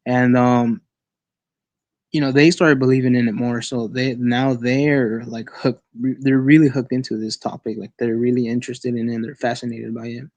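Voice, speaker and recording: Speaking as an online call guest, a man relates his own experience in a casual, halting manner, restarting and repeating words often. His mid-range voice is flat in delivery and darkish in tone, with no room sound.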